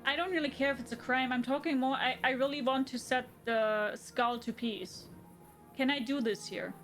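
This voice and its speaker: German-accented woman, gaming stream, fairly high voice, thinks out loud. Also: moderate pace, faint music behind. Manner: chatty, thinks aloud, answers chat. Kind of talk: casual gaming livestream chat.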